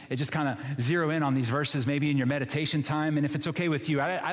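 Brief: male pastor, conversational and emphatic storyteller, higher voice, reverberant church hall. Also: fairly bright tone. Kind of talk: sermon.

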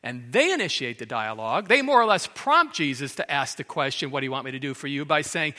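Middle-aged man, pastor; sermon, dramatic storyteller who acts out quotes; slightly higher voice; reverberant church hall. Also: sing-song, fast talker, few pauses, bright, forceful tone.

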